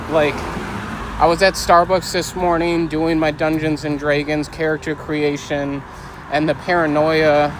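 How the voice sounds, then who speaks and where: A man's voice: on the high side, slight background noise, rough recording. A man telling a story as a vlog host, agitated and venting, often quoting people in a raised voice. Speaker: podcast host. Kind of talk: casual angry storytelling vlog.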